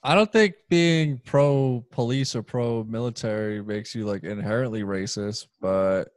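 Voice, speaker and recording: A man co-hosting a podcast in casual, joking chat, quick to laugh. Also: medium pitch. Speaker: podcast co-host.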